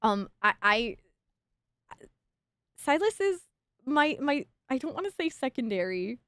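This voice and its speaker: A young woman streaming a game as a VTuber, talking to her chat in a giddy, rambling rush that keeps stumbling over itself. Her voice sits high, and the close microphone leaves it dry, with no room sound around it. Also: big pitch swings, a little slow, a bit bright, clear, resonant tone, no echo.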